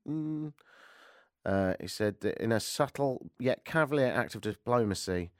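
A man's voice: lowish voice, dry recording, clean studio sound. Chatty British man hosting radio. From Britain. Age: 40s. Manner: chatty, self-mocking, rambling. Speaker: radio host. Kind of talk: casual radio monologue.

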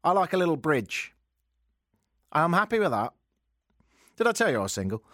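A middle-aged radio host in casual talk, dry and self-mocking, with a rambling delivery. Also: male voice, a little high, sing-song, normal speed, fairly bright tone, dry recording. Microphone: studio mic.

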